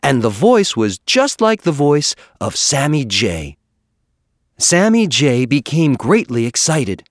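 A man reading a children's animal story aloud with an expressive, measured storytelling manner. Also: mid-range voice, dry recording, clean studio sound. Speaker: narrator. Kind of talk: storybook narration.

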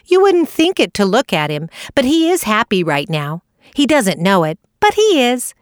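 A woman's voice: on the high side, wildly swooping pitch, moderate pace, no room sound, studio quality, pitched above the performer's own voice. A woman voicing a cheerful, teasing young male rabbit in a storybook. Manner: merry, teasing.

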